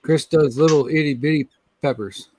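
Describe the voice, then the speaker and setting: A man's voice: a little high, normal speed, dark tone, a little hiss or hum, poor audio. A man joking loosely in casual chat, often trailing off.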